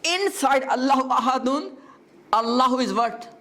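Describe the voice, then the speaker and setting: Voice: high-pitched, expressive, normal speed, noisy background. A grammar teacher in a live class who explains step by step, repeats key terms and often stops to ask the students whether they follow.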